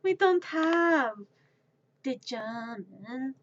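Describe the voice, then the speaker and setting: A woman's voice: high-pitched, expressive, extremely slow, a little hiss or hum, exaggerated voice. A woman voicing an insistent, cheery young German girl, with emphatic, exaggerated delivery. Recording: dull lo-fi stream audio.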